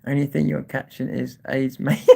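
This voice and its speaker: A man's voice: fairly high pitch, vocal fry. A man hosting a live stream and reading chat aloud, talking in a confrontational, swearing manner at times and apologetic at others. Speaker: livestream host.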